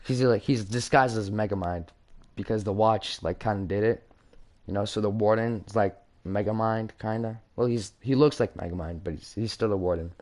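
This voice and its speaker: A man's voice: lowish voice, moderate pace, darkish tone. Young man reading a script aloud. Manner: laughing, self-interrupting. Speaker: script reader.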